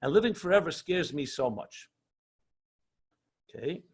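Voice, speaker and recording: A man teaching an online class as a rabbi, earnest and passionate, often slowing down for emphasis and mixing Hebrew and Yiddish terms into English. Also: on the high side, very animated, slightly rough. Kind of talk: lecture with questions and answers.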